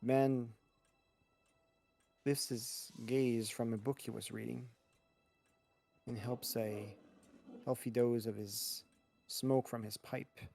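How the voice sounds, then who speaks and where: Gravelly-voiced man running a tabletop game. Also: medium pitch, slow pace, pauses often, no echo, faint music behind. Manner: descriptive, relaxed, with restarts. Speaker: game master.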